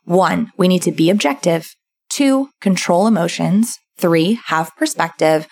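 Casual podcast woman, slightly low voice, explains step by step. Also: measured pace, darkish tone. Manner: explains in lists, acts out quoted voices. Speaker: podcast co-host summarizing a book. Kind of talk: casual chat.

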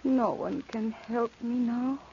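An actress voicing a frail, dying young wife who speaks faintly and wearily in a 1940s radio play, on a dull old broadcast recording. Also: female voice, on the high side, creaky, mellow, slight background noise. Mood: despairing. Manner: faint, weak and drawn-out. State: near death, exhausted.

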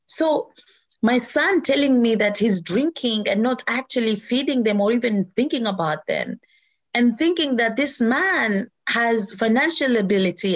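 A middle-aged woman sharing a personal story, speaking earnestly and emotionally with halting restarts. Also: a little high.

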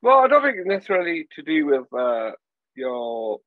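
A man from England chatting casually on a podcast, animated and telling stories while acting out voices. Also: a little high, normal speed, no echo, narrow, tinny audio. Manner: animated storyteller, acts out voices. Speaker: podcast guest. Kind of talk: casual chat.

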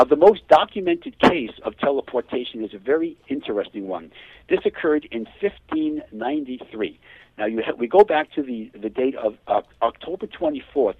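A man being interviewed as a hypnotherapist guest, telling cases in a lively way and acting out the quoted speech. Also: mid-range voice, slightly rough, no echo. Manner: animated, acts out quoted dialogue. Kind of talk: phone interview storytelling. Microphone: telephone. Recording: tinny dry phone line.

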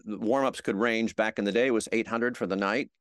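A middle-aged man telling showbiz stories in an interview, acting out quotes with lively energy. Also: on the low side, a little fast, no room sound, clean studio sound. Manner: animated anecdotes with acted-out quotes. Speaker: guest, TV host. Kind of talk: storytelling interview.

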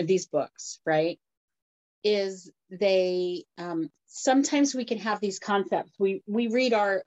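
A woman with a fairly low voice, explaining points in a book group with lots of fillers. Her sound comes through dull and lo-fi. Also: darkish tone. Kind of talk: casual group discussion.

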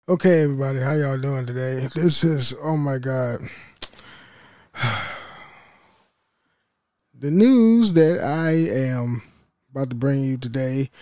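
A man with a drawl rambles through a casual solo podcast, cursing freely and tripping over his words. His voice sits a little high for a man and comes across dry and close, with no room sound around it. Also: darkish tone, no echo. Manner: profane, rambling, stammers and laughs between thoughts. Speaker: podcast host.

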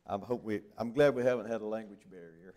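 An older man with a Southern Alabama accent speaks from a church pulpit at a revival meeting. His low-pitched voice stays humble and folksy. He chats with the congregation and chuckles through his anecdotes. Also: quick pace, a little mellow. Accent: Southern American, Alabama. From Southern United States. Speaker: visiting evangelist preacher. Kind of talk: folksy revival sermon, storytelling. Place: church sanctuary.

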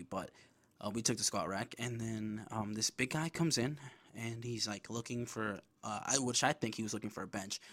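A young man tells a story on his podcast in a casual, animated way and swears freely. His voice sits at an ordinary middle pitch and jumps up when he gets worked up. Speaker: podcast host.

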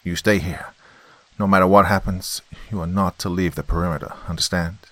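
A stubborn, protective uncle with a deep, low voice, as a man reads him out. He talks in an urgent, shaken way, and the sound is close and dry with no room around it. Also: steady tone, a little fast, a bit bright, dry recording. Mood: stern.

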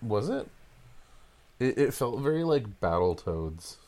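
A man's voice: mid-range voice, sing-song, takes it slowly, darkish tone. A man in his thirties co-hosting a podcast, telling stories in a crude, jokey way. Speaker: podcast co-host. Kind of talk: casual chat.

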